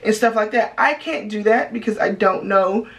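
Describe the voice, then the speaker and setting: A woman's voice: mid-range voice, moderate pace, gravelly, poor audio. An American woman who teaches English, chatting casually and acting out the voices she quotes. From United States. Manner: lively, acts out quoted voices. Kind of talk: casual chat.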